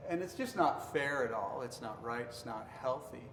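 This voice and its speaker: A man's voice: medium pitch, expressive, moderate pace, a bit bright. A man pastor giving an earnest marriage devotional teaching, sometimes acting out accusing tones to make a point. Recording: roomy reverberant hall, faint noise.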